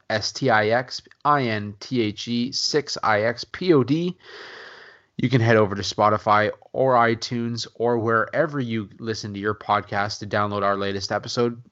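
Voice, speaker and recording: Tiefer Männerstimme, lässiger Podcast-Moderator. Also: male voice, lowish voice, fairly bright tone. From Canada. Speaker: podcast co-host. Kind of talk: casual sports podcast chat. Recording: dull lo-fi podcast audio.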